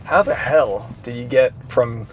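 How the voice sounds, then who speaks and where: A man's voice: medium pitch, unhurried, dull audio, a little hiss or hum. A male stand-up comedian hosting a casual interview, asking jokey questions with rambling restarts.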